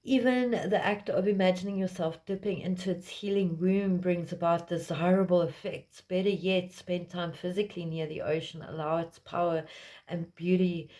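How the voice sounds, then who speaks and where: A woman gives a relaxed collective card reading, wandering from thought to thought with plenty of fillers. Her voice sits a little low and sounds soft and mellow rather than bright. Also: normal speed. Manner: meandering, lots of fillers. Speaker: tarot reader. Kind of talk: casual spiritual reading.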